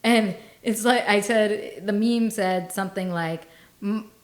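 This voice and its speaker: A woman's voice: mid-range voice, measured pace. A woman in her forties co-hosting a podcast in casual comedic chat, self-deprecating and laughing often as she tells stories. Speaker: podcast co-host.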